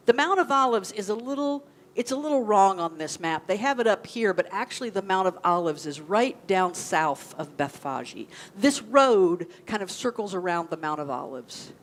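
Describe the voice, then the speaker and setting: A woman's voice: medium pitch, expressive, moderate pace, few pauses, a little hiss or hum. A woman minister gives a sermon in a conversational way, often asking the congregation questions. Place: church sanctuary.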